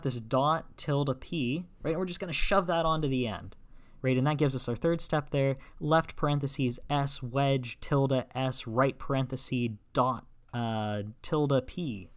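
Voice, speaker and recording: Male lecturer, middle-pitched voice, explains steps and tags them with "right?", many fillers. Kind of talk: recorded logic lecture. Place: classroom or recorded lecture.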